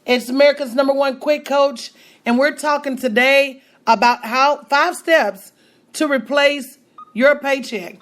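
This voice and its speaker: A woman business coach hosting a livestream, talking in an energetic, preachy motivational style and greeting viewers by name. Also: high-pitched, a little slow.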